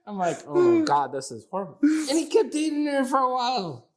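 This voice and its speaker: A man's voice: very high voice, sing-song, brisk, few pauses, darkish tone. A man co-hosting a podcast, telling dating stories in casual chat. He swears and laughs through his own stories. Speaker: podcast co-host.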